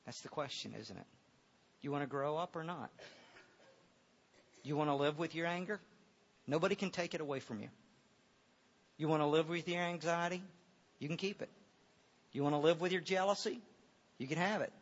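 Husky-voiced male preacher, dull recording. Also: a little high, normal speed, pauses often. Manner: earnest, repeats words and restarts often. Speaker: pastor. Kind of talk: sermon with personal story.

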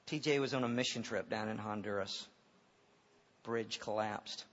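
A middle-aged male pastor preaching a sermon in a church auditorium, moving from loud, impassioned preaching to hushed storytelling. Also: on the low side, moderate pace. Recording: dull reverberant hall sound.

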